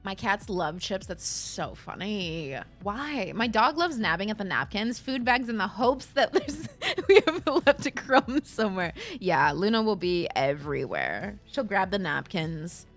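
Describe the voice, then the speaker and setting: A woman's voice: medium pitch, big pitch swings, measured pace, few pauses, faint music behind. A young woman streamer from Minnesota with a slight Minnesota accent, chatting casually with viewers in a rambling, giggly way.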